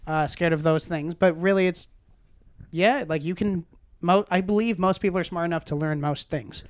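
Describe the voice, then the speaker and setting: A man's voice: on the high side, normal speed, no room sound. A man in casual podcast chat, musing reflectively with jokey asides. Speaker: podcast co-talker.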